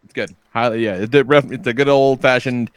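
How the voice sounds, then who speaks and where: A man's voice: mid-range voice, fairly even intonation, a little fast, smooth, no room sound. A man in his thirties co-hosting a podcast, telling stories in a laid-back way, swearing freely and chuckling often. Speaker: podcast co-host. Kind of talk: casual podcast banter.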